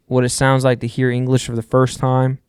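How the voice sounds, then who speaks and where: A man's voice: medium pitch, completely flat delivery, moderate pace, darkish tone, smooth, no echo, clean studio sound. A man co-hosting a podcast, arguing his point insistently in casual chat and restarting his sentences. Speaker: podcast co-host.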